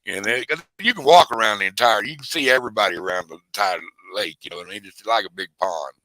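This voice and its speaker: A man's voice: on the low side, quick pace, pushed and bright, no room sound, low-quality recording. A man telling a rambling fishing story in casual chat, with lots of restarts. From Texas. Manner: rambling, drawling, many restarts.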